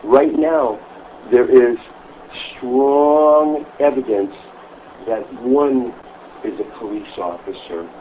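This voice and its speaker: A man's voice: mid-range voice, slow pace. A middle-aged man who was the target of prank calls, rambling over the phone, repeating himself and swearing freely. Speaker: prank call victim. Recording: muffled lo-fi call recording with faint hiss.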